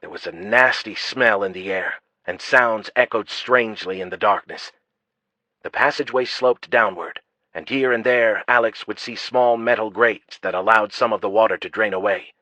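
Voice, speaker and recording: A man narrating a fantasy audiobook in a steady, even storytelling manner. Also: lowish voice, moderate pace, no room sound. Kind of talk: scripted narration. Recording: dull lo-fi dry audio.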